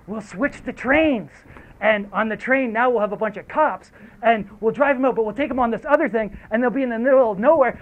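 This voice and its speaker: A man playing a scheming government official who eagerly lays out a plan. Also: very high-pitched. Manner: eager, plotting, rising excitement. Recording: tinny phone-like audio.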